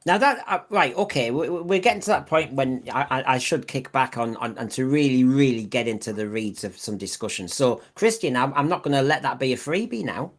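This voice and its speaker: A man's voice: medium pitch, animated, brisk, hardly any pauses. A man hosting a podcast in casual discussion, who often repeats words and restarts his sentences. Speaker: podcast host.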